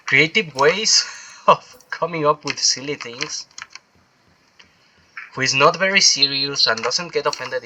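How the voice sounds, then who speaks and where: A man with a bright, forceful, mid-range voice narrates his video game play in a rough recording with slight hiss or hum. As a streamer he rambles through opinionated commentary, restarting sentences often.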